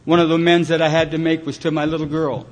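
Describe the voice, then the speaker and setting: A man's voice: a little high, level tone, fast. A man from Los Angeles speaking at a recovery retreat, telling his own story with wry, self-mocking humor and acting out the people in it. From Los Angeles, California. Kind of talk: personal recovery talk. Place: retreat meeting hall, live audience.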